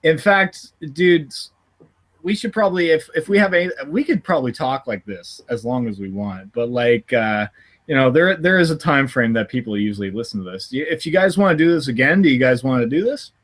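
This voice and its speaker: A man's voice: mid-range voice, brisk, fairly bright tone. A man hosting a podcast in casual chat, laughing often and rambling with restarts. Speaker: podcast host.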